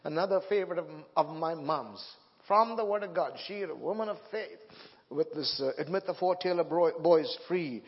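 A middle-aged man preaching a sermon as guest preacher, telling a personal story with emotion and building to loud proclamations, on a church microphone. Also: fairly high pitch, animated, moderate pace. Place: church sanctuary. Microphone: handheld or stand microphone. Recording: dull sound with long hall reverb.

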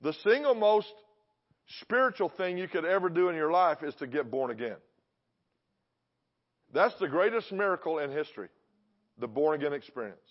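High-voiced man preaching a sermon. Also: animated, moderate pace, long pauses. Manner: emphatic, repeats phrases, asks the crowd questions. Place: church in front of a congregation. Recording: dull lo-fi recording.

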